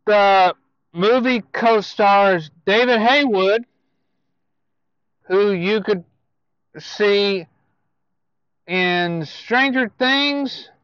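A man giving casual movie news to viewers, speaking in a halting way with self-corrections and asides. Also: high voice, fairly bright tone, smooth, dry recording, highs cut off.

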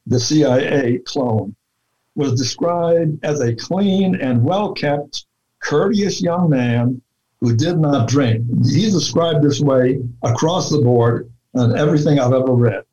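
A man talking through his research in a relaxed interview, deliberate and full of fillers and restarts. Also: fairly high pitch. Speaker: researcher guest. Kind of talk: conversational interview talk. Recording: dull lo-fi sound.

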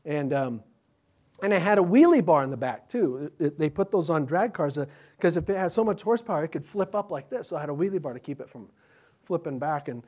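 High-voiced middle-aged pastor telling stories. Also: male voice, fast. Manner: animated, chatty, with frequent restarts. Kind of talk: children's sermon storytelling.

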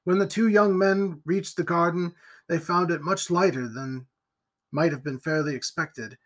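Bright high-voiced male audiobook narrator. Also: unhurried. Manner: expressive, theatrical reading.

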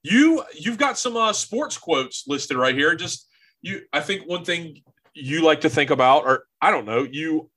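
Lively Southern man with a bright voice. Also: a little high, unhurried. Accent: Southern US, North Carolina. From North Carolina. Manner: laughs often, stammers and repeats words. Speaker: podcast co-host. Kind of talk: casual chat.

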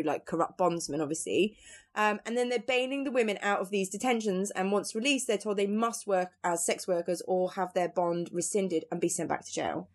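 A woman, co-hosting a casual podcast, telling news stories in an animated, laughing way with casual swearing. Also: medium pitch. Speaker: podcast co-host. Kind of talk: casual chat and news storytelling.

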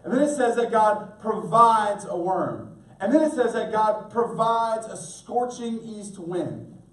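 A man preaching a sermon as pastor, animated, acting out voices for humor. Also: sits high, slow. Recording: echoey room, voice from a distance.

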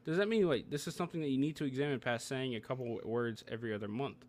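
A young man co-hosting a casual podcast, reading text aloud and arguing back at it with quick laughs. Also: mid-range voice. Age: young adult. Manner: animated, reads from a page and argues back. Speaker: podcast co-host.

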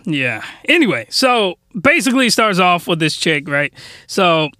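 A young man recapping an anime comedically, slangy and animated with mock outrage. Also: high voice, normal speed, no echo, studio quality. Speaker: anime reviewer.

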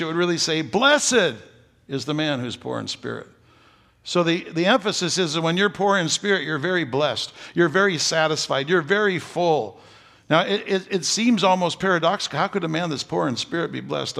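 Older pastor guy preaching, gravelly and a bit high, jokey folksy sermon, big echoey hall. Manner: folksy, jokey preaching that builds to emphatic loud stretches. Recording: long hall reverb.

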